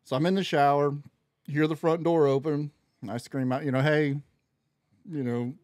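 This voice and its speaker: A man's voice: fairly high pitch, a little fast, dry recording, studio quality. A man in casual conversation as a podcast guest, telling a story animatedly and acting out the voices in it. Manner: animated storyteller, acts out quoted dialogue.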